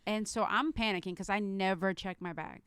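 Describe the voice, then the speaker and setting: A young woman with a drawl tells her story with animated energy and casual swearing. Her voice is exceptionally clear and smooth. The recording is close and dry, made in a hotel room. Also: medium pitch, brisk, no echo. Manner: animated storyteller, cursing freely. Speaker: podcast co-host. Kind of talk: casual chat.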